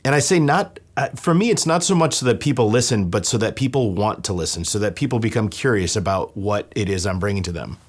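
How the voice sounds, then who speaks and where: A man's voice: lowish voice, lively intonation, fairly quick, hardly any pauses. A man hosting a podcast, asking long, earnest questions. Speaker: podcast host. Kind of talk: conversational interview.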